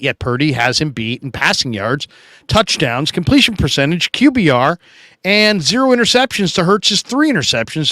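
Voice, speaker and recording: A man's voice: fairly high pitch, sharp tone, no echo, studio quality. A middle-aged man hosting a casual live stream, chatting in a laid-back way as he answers viewer comments. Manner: chatty, laid-back, reads comments aloud with quick asides. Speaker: podcast host reading viewer comments.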